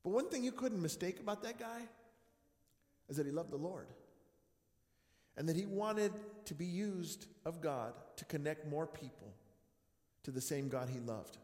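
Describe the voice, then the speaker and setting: A man preaching a storytelling sermon, acting out conversations and swinging between loud bursts and quiet asides. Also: a little high, moderate pace, pauses often. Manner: animated, acts out dialogue, swings loud and soft. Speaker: pastor. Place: church hall. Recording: echoey room with long reverb.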